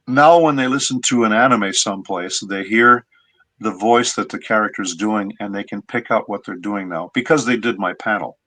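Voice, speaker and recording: A man's voice: lowish voice, moderate pace, sharp tone, poor audio. A middle-aged man, a voice actor guest, explaining his craft in a patient, teacherly way during a casual interview.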